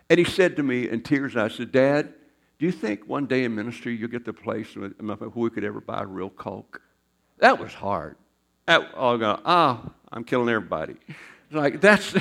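An older man delivers a sermon in an easygoing, folksy storytelling way, wandering into asides and jokes. His voice sits at an ordinary pitch for a man. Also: fairly bright tone. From Arkansas. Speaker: pastor.

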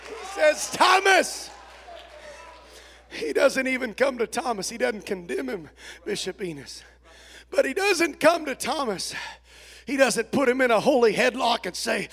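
A man preaching a revival sermon as a visiting preacher in a church service. He shouts fervently and puts an "uh" before most phrases. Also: very high voice, expressive, measured pace, gravelly, long pauses.

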